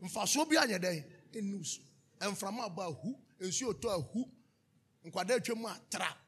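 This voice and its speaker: A male pastor preaching a sermon, with call-and-response questions to the congregation and sudden shouted bursts. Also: high voice, expressive, normal speed, slight background noise.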